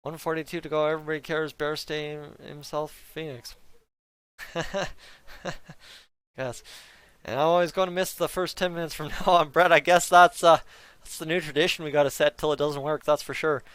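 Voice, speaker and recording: Guy doing a live fan reaction stream, hyped and chatty, kinda high voice, close dry mic. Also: moderate pace, clean tone, no room sound. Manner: excitable, breaks into auctioneer-style countdowns.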